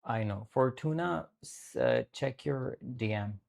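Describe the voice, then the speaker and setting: A co-host on a live stream who chimes in with brisk, teasing remarks. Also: mid-range voice, expressive, vocal fry, darkish tone. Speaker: livestream co-host. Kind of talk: casual live stream chat.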